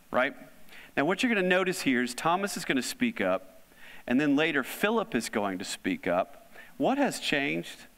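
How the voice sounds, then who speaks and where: Preacher in a reverberant hall. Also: male voice, medium pitch, a bit bright. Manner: conversational, asks the audience questions. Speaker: pastor. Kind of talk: sermon. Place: church hall.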